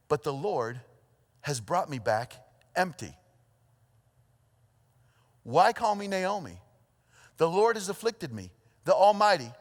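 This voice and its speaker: Earnest pastor in a reverberant church. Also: male voice, a little high. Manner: storytelling, lively then hushed and earnest. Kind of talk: sermon. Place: church auditorium. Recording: long hall reverb.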